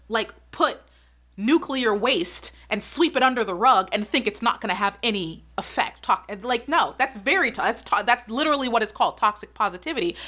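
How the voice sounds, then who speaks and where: Brief: woman, vlog commentator, higher pitch, bright and forceful, hammers points home by repeating them. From United States. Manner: emphatic, repeats points for stress, gets worked up. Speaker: pageant commentary YouTuber.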